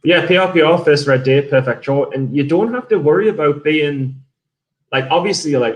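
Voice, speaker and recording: A man's voice: fairly high pitch, a little fast. Casual English man, swearing and rambling. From England. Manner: rambling, swears freely, restarts often. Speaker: day trader streamer. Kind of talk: casual livestream chat reviewing trades and reading viewer messages.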